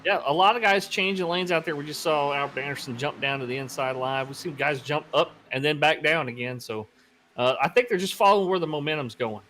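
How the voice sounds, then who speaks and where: A man's voice: fairly high pitch, brisk, fairly bright tone, a little hiss or hum. A man doing casual color commentary on a sim race, pointing out lane changes and close calls in an upbeat way.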